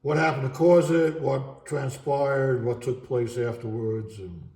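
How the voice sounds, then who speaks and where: Middle-aged male vlogger, halting and emotional delivery, mellow tone, recorded in an echoey room at home. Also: medium pitch, fairly even intonation. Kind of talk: unscripted monologue vlog.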